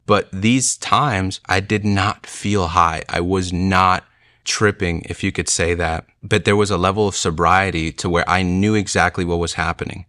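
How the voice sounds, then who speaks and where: Young guy sharing his faith story, really low voice, bright edge, super dry close sound. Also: steady tone, normal speed, no room sound. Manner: earnest storytelling, frequent "like" and "you know". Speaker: testimony speaker. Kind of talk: personal faith testimony.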